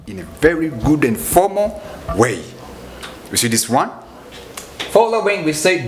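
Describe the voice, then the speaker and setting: Lively-voiced man teaching slang. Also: slight background noise. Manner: explains slowly, repeats example phrases, pitch rises and falls widely. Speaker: English teacher. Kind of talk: informal teaching. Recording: echoey room with faint ambience.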